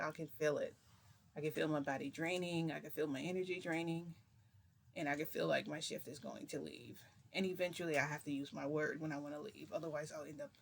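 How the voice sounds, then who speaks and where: Man, casual vlog storytelling, rambling with fillers, fairly high pitch, faint background noise. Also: creaky. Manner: rambling, with many fillers and restarts. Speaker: vlogger.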